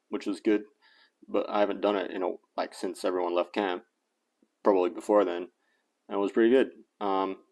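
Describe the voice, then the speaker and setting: An Australian man whose accent has drifted toward American, hosting a fitness channel in a casual, rambling vlog rant that is full of self-corrections and chuckles. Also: on the low side. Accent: Australian mixed with American.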